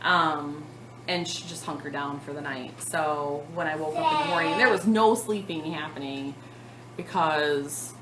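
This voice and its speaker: A woman in her thirties telling a long story to the camera in a casual vlog, chatty and animated, with lots of fillers. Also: sits low, measured pace, echoey room, over a noisy crowd, low-quality recording. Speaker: cross-stitch vlogger.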